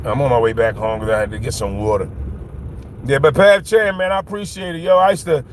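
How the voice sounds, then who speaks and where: A man's voice: mid-range voice, fairly even intonation, fairly quick. A middle-aged man from Philadelphia rambling in a casual livestream monologue while walking home outdoors, talking into a phone and often asking if his listeners follow him. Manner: rambling, emphatic, keeps asking "you know what I'm saying". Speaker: livestream host. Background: faint traffic.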